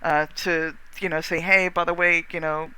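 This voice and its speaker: Bright, smooth Texan streamer voice. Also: mid-range voice, little pitch movement, normal speed. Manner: rambling, chatty, with many restarts and casual swearing. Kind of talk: casual live-stream chat while gaming.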